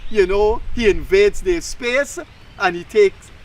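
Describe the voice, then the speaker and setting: A man's voice: high voice, slow, darkish tone. A man with a Guyanese accent hosting a casual political talk show, talking bluntly and scolding, acting out the voices he quotes. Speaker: host.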